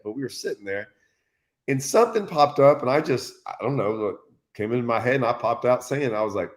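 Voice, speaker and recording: A man chats casually as a fishing host, spinning a story with laughs. He acts out what others said in quick voiced quotes. His pitch sits in a middle range for a man. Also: expressive.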